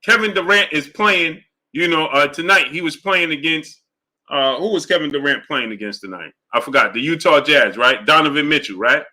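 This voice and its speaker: A man hosting a live boxing stream, arguing his point with repetition and greeting chat members in a lower voice. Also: normal speed. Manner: animated, argumentative, repeats points; drops low and soft for chat shout-outs. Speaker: boxing show host.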